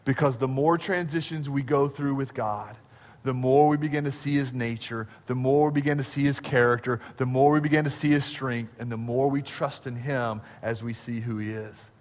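A man's voice: medium pitch, steady tone, moderate pace, darkish tone, big-room sound. A male pastor preaching a sermon, swelling and dropping for emphasis and repeating phrases.

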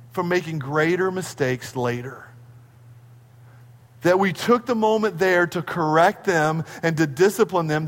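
A middle-aged man with a high voice preaches a sermon, and his words ring out with a long reverb in a church sanctuary. He tells family stories in an animated way, sometimes sliding into squeaky impressions of his kids. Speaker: pastor.

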